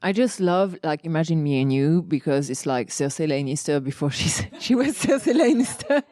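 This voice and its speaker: A woman co-hosting a live podcast panel, with understated, deadpan remarks. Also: deep voice, normal speed, no room sound, clean studio sound. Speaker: podcast co-host.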